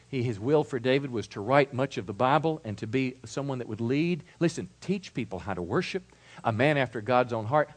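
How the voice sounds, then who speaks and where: A male pastor preaching a sermon emphatically, moving between loud declarations and quieter asides. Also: mid-range voice.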